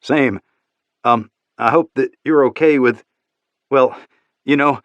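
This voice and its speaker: A man's voice: medium pitch, takes it slowly, dry recording, highs cut off, pitched above the performer's own voice, close to an everyday voice. A man voicing a bashful man in an audiobook, speaking hesitantly. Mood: sheepish. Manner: hesitant, with fillers. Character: bashful American man, nervous new lover.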